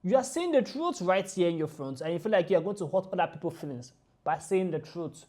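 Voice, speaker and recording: A woman ranting through a reaction video, emphatic and indignant, repeating her points forcefully. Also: on the low side, animated, a little fast.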